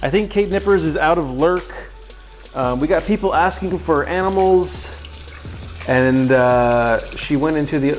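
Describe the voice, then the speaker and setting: With a fairly high pitch and an unhurried delivery, a man jokes his way through a cooking livestream in his home kitchen, teasing himself as he chats. A little hiss or hum runs under the recording.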